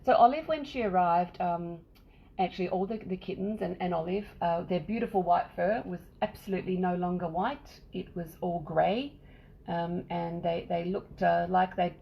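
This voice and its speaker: A woman's voice: fairly low pitch, normal speed, vocal fry, dull audio, a little hiss or hum. A middle-aged Australian woman hosting a cat rescue livestream from her home, talking casually and at length about the kittens. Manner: chatty, rambling, fond baby talk to the kittens.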